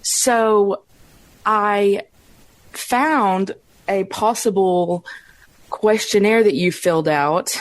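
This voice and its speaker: A woman co-hosting a podcast, asking questions in a giggly, halting way without a regional accent. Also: mid-range voice, no room sound. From Alabama. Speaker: podcast co-host. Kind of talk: casual podcast interview.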